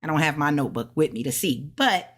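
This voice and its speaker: A woman casually explaining her study notes, sounding out words slowly and correcting herself. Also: deep voice, lively intonation. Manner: thinks aloud, self-correcting, sounds out tones slowly. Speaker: language learner sharing study notes. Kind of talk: casual study vlog lesson.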